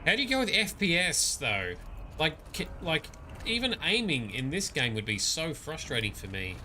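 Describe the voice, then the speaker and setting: Sitting at a gaming PC with game music playing, this streamer reads chat aloud and cracks jokes in loose live commentary. His voice is a little high with big pitch swings and a sharp tone, delivered at normal speed against slight background noise.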